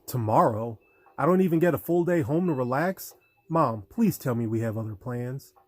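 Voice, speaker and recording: A man's voice: medium pitch, lively intonation, moderate pace, close to an everyday voice. A male audiobook reader voicing an earnest, bantering teenage boy hero.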